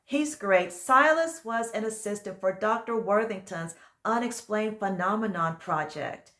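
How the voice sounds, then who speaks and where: A woman voicing a brisk, reassuring friend and colleague. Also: medium pitch, fairly bright tone, reverberant, close to an everyday voice. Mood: upbeat.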